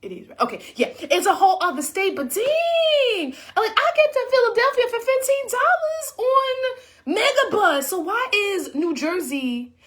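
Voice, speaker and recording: A woman's voice: very high-pitched, normal speed. A woman, an author, telling a casual story to her viewers, acting out what people said and chatting to them directly. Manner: animated, acts out quotes, talks to viewers as y'all. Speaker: author and vlogger.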